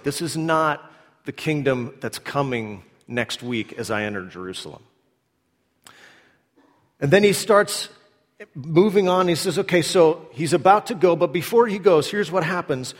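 A male pastor delivers a sermon in a casual, storytelling manner, slipping into quick acted-out asides as he explains. His voice sits a little high for a man. The sound carries a long reverb, as if the sermon was recorded in a large hall. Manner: animated, conversational preaching with acted-out asides.

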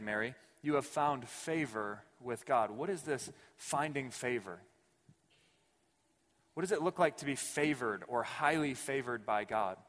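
A man's voice: medium pitch, fairly bright tone. Man preaching in a reverberant hall. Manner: conversational preaching, rising to emphatic declarations. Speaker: pastor. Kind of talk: sermon. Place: church sanctuary.

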